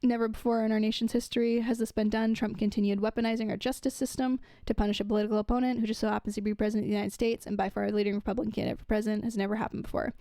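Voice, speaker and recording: Fast-talking young woman reading news. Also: mid-range voice, little pitch movement, warm tone, no echo. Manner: chatty, reads quotes then adds asides with fillers. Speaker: commentator. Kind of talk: casual commentary reading news aloud.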